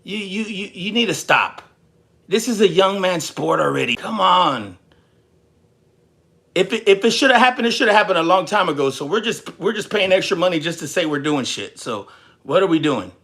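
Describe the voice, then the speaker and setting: A man's voice: sits high, normal speed. A young man from Texas ranting casually and profanely on his livestream, rambling and joking with viewers. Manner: rambling, profane, animated, jokes and chats with viewers. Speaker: livestream host.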